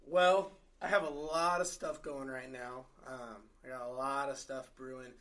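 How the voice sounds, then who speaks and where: A man who is a fitness coach, talking in a relaxed, halting way in a casual podcast chat. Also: medium pitch.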